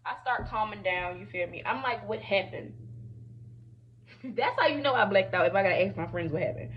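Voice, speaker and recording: A young woman vlogger telling a storytime while doing her makeup, animated and chatty, often saying "y'all" and "you feel me". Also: mid-range voice, fairly quick, lo-fi sound.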